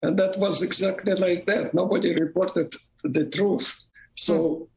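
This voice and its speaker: A man with a Russian accent, a former diplomat speaking in an interview clip, halting with many restarts. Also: high voice, fairly even intonation, gravelly, poor audio. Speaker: former foreign minister, interview guest. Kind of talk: interview clip played on radio.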